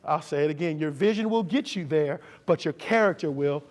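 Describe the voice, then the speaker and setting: A man's voice: a little high, fairly quick. A man giving a motivational keynote speech, preacher-like, leading the crowd in call and response. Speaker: keynote speaker.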